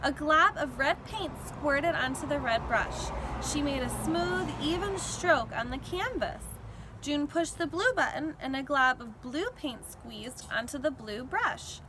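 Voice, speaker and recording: A woman teacher reading a chapter book aloud to children, expressive and pausing to explain the pictures. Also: high-pitched. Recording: recording with steady background noise.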